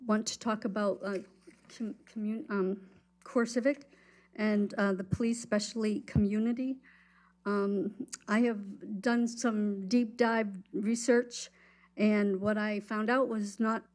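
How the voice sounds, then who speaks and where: Halting woman with a mellow voice. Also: medium pitch. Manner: halting, many restarts and fillers. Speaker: public commenter. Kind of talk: public comment at a county meeting.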